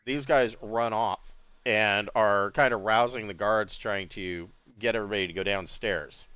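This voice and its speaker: A man running a tabletop game as game master, narrating casually and often pausing to correct himself. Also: fairly low pitch, fairly bright tone, smooth, no echo. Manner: halting, self-correcting, casual.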